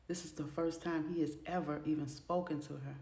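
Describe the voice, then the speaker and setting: A woman's voice: deep voice, fairly even intonation, a little fast, warm tone. A woman narrating a storytime video in a casual, conversational way. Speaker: storyteller and booktuber. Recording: echoey room.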